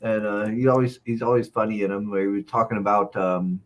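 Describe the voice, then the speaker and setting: A man's voice: on the low side, flat delivery, brisk. A man co-hosting a casual podcast, telling rambling stories full of fillers and chuckles. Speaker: podcast co-host. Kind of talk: casual chat.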